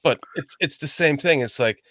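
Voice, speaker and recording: A man from the Chicago area with a Chicago accent, hosting a casual podcast chat and telling stories in a loose, profane, animated way. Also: fairly high pitch, normal speed, no echo, studio quality. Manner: profane, animated storyteller, laughs often. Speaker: podcast host. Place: lives in the American South.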